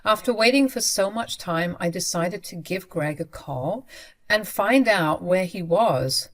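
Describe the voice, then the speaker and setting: A woman's voice: on the low side, lively intonation, measured pace. A young adult woman narrating a first-person story in a conversational way, speaking directly to her listeners.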